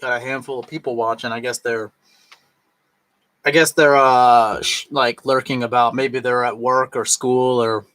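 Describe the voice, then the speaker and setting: A man's voice: mid-range voice, little pitch movement, normal speed, fairly bright tone. A man chatting casually on a live stream while drinking, rambling and tipsy, with lots of fillers and restarts.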